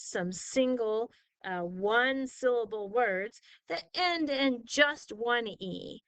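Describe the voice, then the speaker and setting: A woman's voice: a little high, a bit bright, no echo, rough recording. A woman tutoring spelling in a patient phonics lesson, drawing out vowel sounds and asking questions she then answers herself. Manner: asks leading questions and answers them herself.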